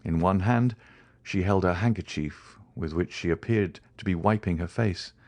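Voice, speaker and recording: Low-voiced male audiobook narrator. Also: normal speed, a little mellow, no room sound. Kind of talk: scripted narration.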